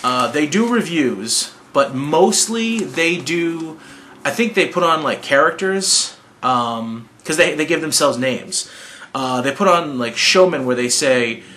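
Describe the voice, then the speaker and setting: A man's voice: fairly high pitch, expressive, takes it slowly, sharp tone, slight background noise. A man hosting a hot sauce video channel, talking casually to camera in a rambling, enthusiastic way and often correcting himself.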